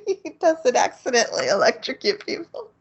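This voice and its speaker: A woman's voice: sits high, wildly swooping pitch, moderate pace, breathy edge. A woman co-hosting a casual anime podcast, recapping the plot with giggles and frequent ums. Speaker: podcast co-host. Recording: slightly dull lo-fi recording.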